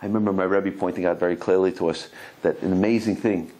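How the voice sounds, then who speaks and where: A man, a rabbi, giving a Torah lecture, telling stories animatedly, often repeating and restarting words, and acting out quotes with sudden high cries. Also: fast talker, poor audio. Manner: animated storytelling, acts out quotes with high exclamations.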